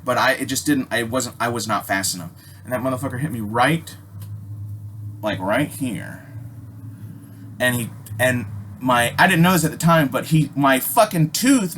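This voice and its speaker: A middle-aged man from Alaska telling a story casually, swearing constantly and jumping loudly when he acts out what people said. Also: mid-range voice, a little hiss or hum. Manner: animated, swears constantly, acts out quotes with loud jumps.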